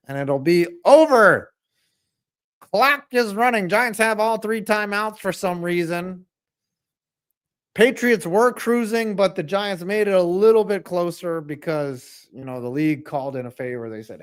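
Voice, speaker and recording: A man reacting live to a football game, calling plays and joking in profane, animated banter. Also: high-pitched, a little slow. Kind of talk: live sports reaction commentary.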